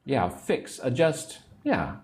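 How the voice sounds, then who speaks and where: A man's voice: mid-range voice, wildly swooping pitch, takes it slowly, darkish tone, a little hiss or hum. A man teaching an English lesson on a livestream, patiently repeating words for learners and sounding a little sleepy. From United States. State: sleepy, yawning.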